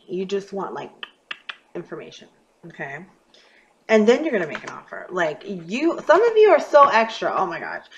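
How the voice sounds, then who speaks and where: A woman giving a casual astrology and tarot reading to her viewers, talking emphatically and swinging from quiet murmurs to loud bursts. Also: on the low side, dull audio, slight background noise. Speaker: tarot reader.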